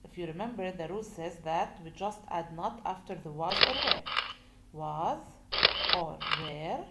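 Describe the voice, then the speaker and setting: A woman teaching a grammar lesson, speaking slowly and deliberately, repeating points and asking rhetorical questions. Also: on the low side. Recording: echoey room with faint noise.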